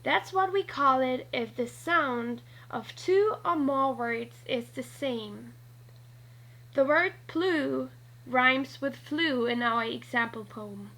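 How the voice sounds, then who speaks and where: A woman narrating a scripted lesson, talking slowly and deliberately and spelling out letters one by one. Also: high-pitched, fairly bright tone, low-quality recording. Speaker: teacher.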